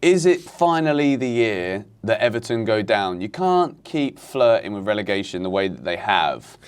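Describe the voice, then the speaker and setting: A man hosting a casual football chat, talking in animated, exasperated rants. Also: on the low side, moderate pace, clear, resonant tone. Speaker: football podcast host.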